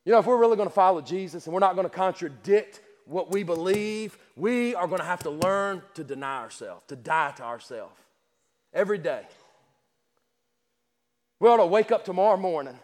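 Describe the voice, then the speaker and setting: A male preacher delivering a sermon at a church service, emphatic and repetitive, firing rhetorical questions and stumbling over quick restarts. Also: high voice, lively intonation, long reverb tail. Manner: stammering restarts.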